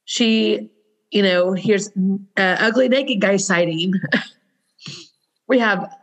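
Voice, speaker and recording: A woman co-hosting a casual chat in a relaxed, agreeable way. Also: mid-range voice, extremely slow, poor audio. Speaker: podcast co-host. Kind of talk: casual chat recapping a sitcom.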